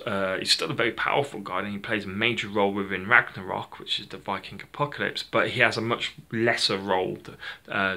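A man's voice: lowish voice, vocal fry, bright, forceful tone. A man hosting his own channel, talking off the cuff in a rambling, chatty way, often correcting himself mid-sentence. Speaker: channel host. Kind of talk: unscripted casual monologue.

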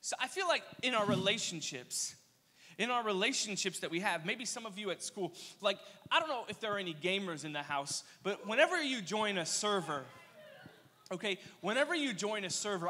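A young man preaching a casual youth sermon, telling energetic, slangy stories with playful asides. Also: high-pitched, fairly quick. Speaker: youth pastor. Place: church hall. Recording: long reverb of a church hall.

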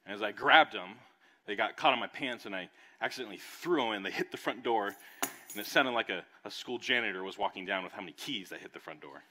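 A man's voice: on the low side, fast talker, noisy background. A young adult man, a pastor preaching a sermon and telling a personal story, acting out voices along the way. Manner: animated storytelling, acts out voices. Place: church service.

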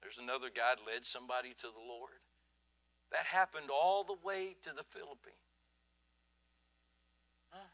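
A man preaching a sermon in a church, telling stories in an animated way that swings from hushed to loud. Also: medium pitch, moderate pace, pauses often. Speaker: pastor. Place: church sanctuary.

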